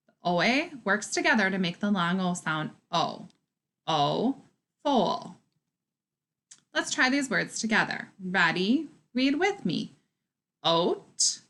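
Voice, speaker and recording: A woman teacher giving a recorded phonics lesson, speaking slowly and clearly in an encouraging way. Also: medium pitch, fairly bright tone.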